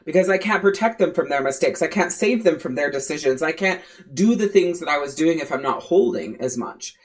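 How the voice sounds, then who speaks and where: A woman's voice: sits low, animated, fairly quick. A woman life coach hosting her own podcast, talking candidly and bluntly, swearing freely and repeating phrases for emphasis. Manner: casual, with frequent "you know" and "right".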